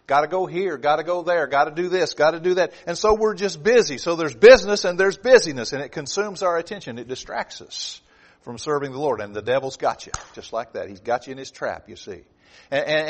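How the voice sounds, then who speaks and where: Male preacher, slightly higher voice, dynamic sermon delivery with loud peaks and quiet asides. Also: expressive, a little fast. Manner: dynamic preaching, swings from loud emphasis to low hushed asides. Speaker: pastor.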